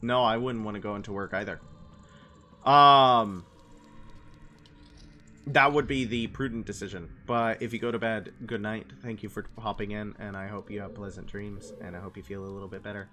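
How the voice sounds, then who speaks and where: A man's voice: fairly low pitch, steady tone, moderate pace, sharp tone, slight background noise. A young man chatting casually while streaming a game, rambling and answering his chat's messages. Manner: meandering, answers chat messages aloud. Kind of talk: casual gaming livestream chat.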